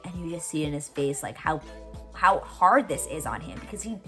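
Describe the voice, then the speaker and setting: A woman's voice: low-pitched, very animated, moderate pace, faint music behind. A woman hosting a podcast, casually recapping a TV episode, gushing and teary as she retells its scenes. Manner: emotional, gushing, retells scenes with quoted lines.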